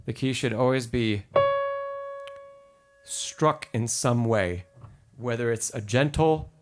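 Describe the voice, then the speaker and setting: With piano music in the background, a man speaks slowly in a mid-range voice while teaching piano on a live stream. He encourages the student and sings short phrases to show how each should sound.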